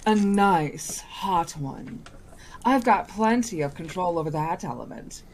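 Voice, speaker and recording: A woman's voice: fairly low pitch, lively intonation, slow pace, a little hiss or hum. A woman voicing a sly, mocking male genie disguised as a boy, who talks in a coaxing, wheedling way.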